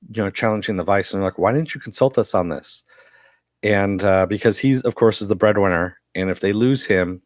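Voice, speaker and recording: A man's voice: on the low side, no echo, clean studio sound. A man with a cough giving a casual, rambling recap of a TV episode, full of fillers. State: has a cough. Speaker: TV episode reviewer.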